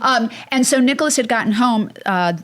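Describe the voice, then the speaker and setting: A woman's voice: on the high side, crowd noise. Middle-aged mother telling a heartfelt story. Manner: emotional storytelling, halting with fillers. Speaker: guest mother. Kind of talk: casual podcast chat.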